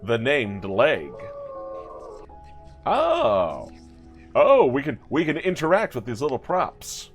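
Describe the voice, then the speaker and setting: A man's voice: medium pitch, big pitch swings, normal speed, few pauses, soft background music. A man hosting a let's play video, commenting playfully and sarcastically with jokey asides. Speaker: gaming video host.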